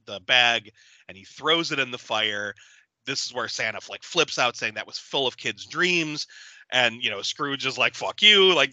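A man co-hosting a film podcast tells the story of a movie with animated, swearing enthusiasm and frequent laughter. His voice is very bright and sits at an average pitch. The sound is dry and close to the mic. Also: dry recording. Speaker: podcast co-host. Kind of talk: casual movie recap chat.

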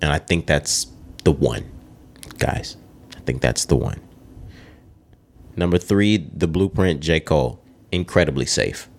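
A man's voice: extremely low pitch, expressive, unhurried, creaky, pauses often. A man co-hosting a podcast in casual chat, opinionated and swearing freely as he runs down a ranked list. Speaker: podcast co-host.

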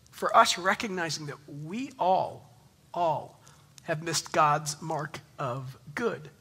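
Guy pastor in his 30s giving a sermon, chatty and animated, pretty high voice. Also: husky. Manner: animated, conversational preaching with jokes and laughs. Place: church in Texas.

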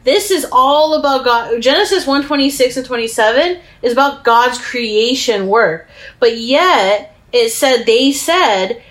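Female co-host, measured and thoughtful, casual Bible talk. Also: high-pitched, rough recording. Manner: measured, reads verses slowly, thinks aloud.

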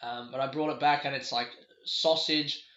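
A man hosting a casual solo podcast, telling a rambling, sweary story with quick laughs from a bedroom. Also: mid-range voice, steady tone, pushed and bright. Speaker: podcast host. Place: a bedroom in a borrowed house. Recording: echoey room, dull lo-fi sound.

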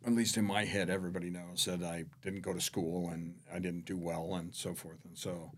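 A man with a fairly low voice tells stories as a podcast guest. He drops to hushed tones and then rises to emphatic points. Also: a little fast. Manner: animated anecdote-teller, shifting between hushed and emphatic. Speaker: podcast guest, real estate executive. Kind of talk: conversational storytelling.

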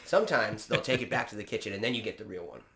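A man telling stories in a casual chat, animated and swearing freely. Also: fairly low pitch, racing, creaky, noisy background.

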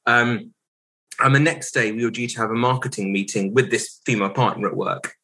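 A man's voice: medium pitch, brisk, pushed and bright, low-quality recording. Reflective man telling a personal story. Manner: reflective, hesitant, many ums and restarts. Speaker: podcast guest, solicitor.

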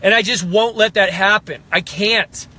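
A man's voice: high voice, normal speed, bright, forceful tone. A man in his thirties, an exercise coach, giving a passionate, fired-up motivational pep talk to viewers. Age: 30s.

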